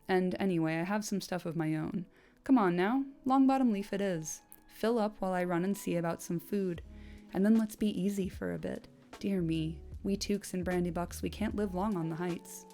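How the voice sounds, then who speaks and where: A woman reading the part of a cheerful, lively young male hobbit in a bright, coaxing way. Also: fairly low pitch, moderate pace, faint music behind, natural voice.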